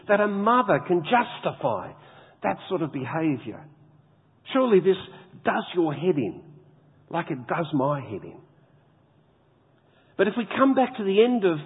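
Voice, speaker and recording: A man preaching a sermon, reading scripture slowly and with heavy emphasis. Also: high-pitched, breathy edge. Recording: tinny phone-like sound with long hall reverb.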